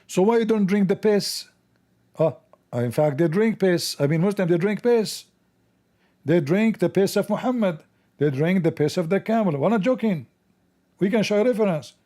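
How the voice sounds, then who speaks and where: A man's voice: high-pitched, lively intonation, moderate pace, dark tone. A man hosting a mocking religious commentary show, sarcastic and scornful, in broken English. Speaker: host.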